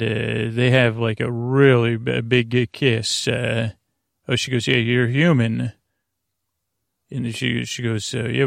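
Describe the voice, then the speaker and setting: A man's voice: mid-range voice, vocal fry, dry recording, studio quality. A man recapping an episode in a casual, rambling way, full of fillers and restarts. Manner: halting, lots of "uh" fillers and restarts; quotes characters in a plain voice. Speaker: podcast host recapping an episode.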